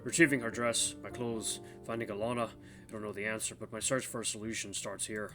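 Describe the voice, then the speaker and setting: A man's voice: lowish voice, little pitch movement, a little fast, over music. A man hosting a gaming channel, reading an interactive story game aloud in the first person and stopping to comment. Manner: first-person narration of the hero, breaks off to laugh and comment.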